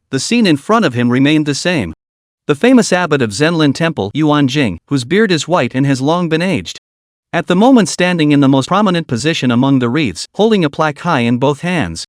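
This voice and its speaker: A man narrating a recap of a web novel in an even, steady read. His voice sits a little high for a man and is recorded close and dry, with no room around it. He voices every character in that same plain delivery. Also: no echo.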